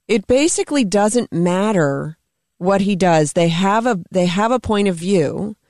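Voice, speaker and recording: A female talk radio host at a middle pitch, opinionated and emphatic as she presses her points. Her voice is close and dry on a studio microphone, with no room sound. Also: animated, measured pace, darkish tone, dry recording. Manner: emphatic, opinionated, rhetorical questions. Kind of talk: conversational political talk radio.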